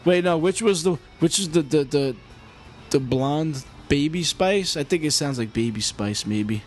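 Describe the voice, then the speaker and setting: Soft background music accompanies a forties-aged podcast host whose slightly high voice has lively intonation and a measured pace. Rambling and heated, he swears often in a casual monologue, recorded at home through a mic with a homemade pop filter.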